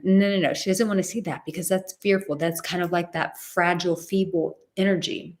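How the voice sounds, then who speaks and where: A woman with a fairly low voice giving dating advice in a live stream. She talks emphatically, hammers points home by repeating words and slips into acted snippets of dialogue. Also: moderate pace, few pauses. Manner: acts out quoted dialogue. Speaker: dating coach.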